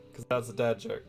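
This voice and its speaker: A man chatting casually while gaming, relaxed and hesitant, with many fillers. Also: medium pitch. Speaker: co-player and streamer.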